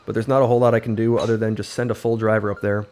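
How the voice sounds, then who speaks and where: Excitable male gaming streamer. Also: lowish voice, racing, slight background noise. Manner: upbeat, excitable play-by-play. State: voice slightly worn. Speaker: livestreamer. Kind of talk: live gameplay commentary. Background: faint game music.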